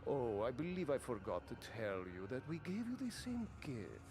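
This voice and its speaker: An actor playing a smug, sinister older cult leader in a video game, slow and mock-polite. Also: male voice, medium pitch, huge pitch swings. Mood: gloating. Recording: game audio over music.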